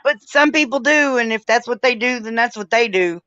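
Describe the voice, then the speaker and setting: A woman's voice: fairly high pitch, fairly quick, heavy background noise. A woman hosting a casual livestream chat, talking bluntly with plenty of swearing and easy laughter. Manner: blunt, profane, laughs easily. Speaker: livestream host. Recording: dull dry lo-fi stream audio.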